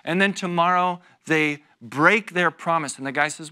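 A man's voice: fairly high pitch, normal speed, hardly any pauses, pushed and bright, clear, resonant tone. A man teaching a Bible study as a pastor, reading scripture with rising force and acting out little scenes. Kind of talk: expository sermon. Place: church.

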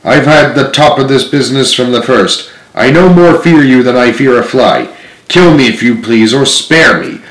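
A man's voice: medium pitch, lively intonation, moderate pace, roomy sound, natural voice, rough recording. A man reading aloud and voicing a bold teenage boy cabin hand who speaks up earnestly and defiantly. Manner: earnest, raised and breathless defiance. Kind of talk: storybook read-aloud acting.

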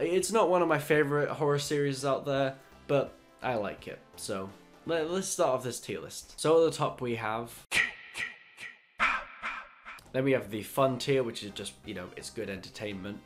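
Nasal, congested man hosting a review. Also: mid-range voice. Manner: relaxed, chatty, loose phrasing. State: ill, congested. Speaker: horror film channel host. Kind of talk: casual review commentary.

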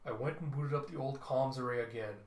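A man voicing a weary, protective father in a space colony, in a grim, low-key manner. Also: a little fast, natural voice. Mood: worried. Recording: roomy echo.

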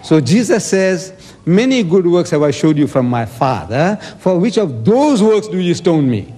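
A man's voice: sits high, big pitch swings, normal speed, dark tone, in a large hall. A man giving an emphatic debate speech, quoting scripture and asking rhetorical questions.

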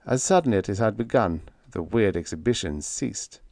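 A male narrator reads a vintage science fiction story in an expressive, lively way, his pitch moving a lot between phrases. His voice sits at an ordinary middle pitch. The sound is dry and close, with no room around it. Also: normal speed, creaky, no echo. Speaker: audiobook narrator. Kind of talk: scripted narration.

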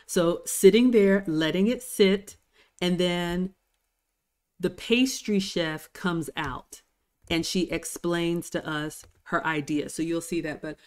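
A woman, chatting excitedly as she narrates dining footage and reads viewer comments. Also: on the low side, slow pace. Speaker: vlogger. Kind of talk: live-stream commentary over cruise dining footage.

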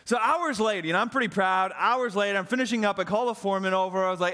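Young guy pastor telling a story in church, bit high voice, big reverby hall. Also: fast talker. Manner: animated, self-mocking storyteller. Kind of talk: sermon with storytelling. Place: church auditorium.

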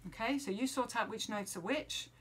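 Bright-voiced woman teaching trumpet. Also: on the high side, normal speed, breathy edge, soft background music. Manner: counts beats and sings rhythms aloud. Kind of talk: music lesson for children. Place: at home.

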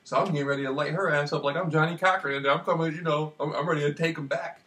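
A man telling a rambling personal story in a casual monologue, repeating himself and getting animated as he retells it. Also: on the high side, quick pace. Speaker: vlogger. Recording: distant mic with faint background noise.

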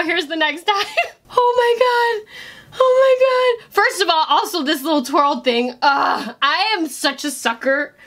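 A woman in her twenties reacting to a cartoon, crying and excitedly exclaiming. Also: extremely high pitch. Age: 20s. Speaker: reaction video host. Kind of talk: emotional reaction commentary.

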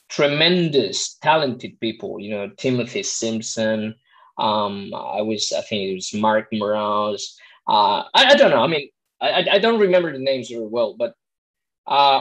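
A man, a tenor and vocal coach, telling a story in a casual interview, excitable and full of restarts. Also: low-quality recording. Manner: animated, acts out quotes with big pitch jumps; frequent restarts and fillers, excitable.

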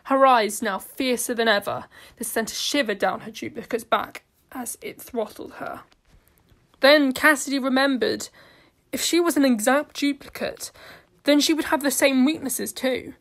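A woman narrating a fan-made audio story in a steady, earnest reading. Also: high-pitched, normal speed.

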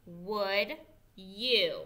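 A woman teacher giving an early reading lesson to young children, spelling words out slowly and praising them. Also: mid-range voice, pushed and bright. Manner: slow, clear spelling aloud and encouraging praise. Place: school.

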